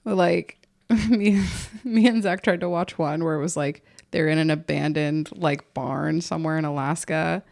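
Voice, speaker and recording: A woman's voice: low voice, steady tone, unhurried, gravelly, few pauses, a little mellow, dry recording, clean studio sound. A woman co-hosting a casual podcast, joking and swearing as she chats. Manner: joking, swearing, laughs easily. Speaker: podcast co-host.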